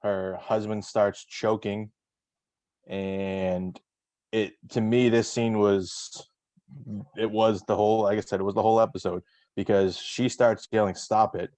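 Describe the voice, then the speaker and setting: Male host, low-pitched, rambling casual chat, dry recording. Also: little pitch movement, measured pace, darkish tone, dry recording. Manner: rambling, many fillers and restarts. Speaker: podcast host.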